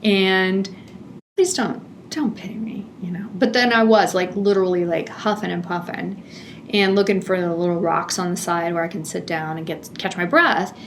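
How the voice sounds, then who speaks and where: A woman's voice: on the low side, fairly quick, slight background noise. Chatty middle-aged woman telling a story. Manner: chatty, animated, laughing often. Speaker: podcast host. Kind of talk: personal storytelling monologue.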